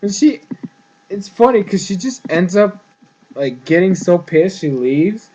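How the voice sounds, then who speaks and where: A man giving a casual, rambling review of a cartoon episode, full of fillers and quick acted-out lines. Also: high-pitched, low-quality recording. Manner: rambling, excitable, heavy use of "like" and "freaking"; acts out the characters' lines in quick bursts.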